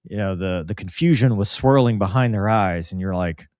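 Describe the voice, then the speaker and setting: A man with a lowish voice hosts a casual podcast, talking animatedly and slipping into quick impressions of whoever he is quoting. The sound is dry and close, with no room echo. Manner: animated, mimics quoted voices, lots of fillers. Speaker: podcast host.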